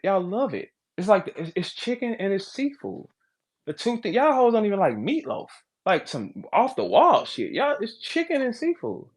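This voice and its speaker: A man hosting a podcast, ranting in a brash, profane, animated way, jumping between loud outbursts and low asides. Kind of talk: casual podcast rant.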